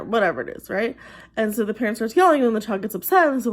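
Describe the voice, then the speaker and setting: A woman's voice: mid-range voice, very animated. Patient woman explaining things to kids. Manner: gentle and patient, acts out parents' voices in quick asides. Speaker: behavioral therapist. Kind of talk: talking to camera, explaining advice to kids.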